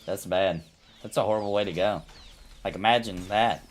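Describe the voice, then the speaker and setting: A man in his thirties hosting a casual gaming chat, telling an anecdote in an animated way, often tossing in "you know what I mean.". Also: lowish voice, normal speed, a little hiss or hum. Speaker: host.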